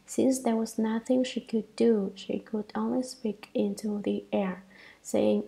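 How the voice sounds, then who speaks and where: A woman reads a scripture commentary aloud in a measured, earnest way. Her voice has a gravelly fry and a mellow, dark tone. She keeps the steady cadence of a lecture. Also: fairly high pitch, low-quality recording. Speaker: dharma lecture reader. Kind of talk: reading a translated scripture commentary.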